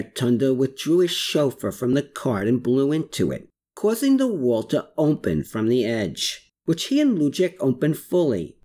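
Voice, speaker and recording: Audiobook narrator, scripted storytelling, lively pitch, middling tone. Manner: expressive storytelling.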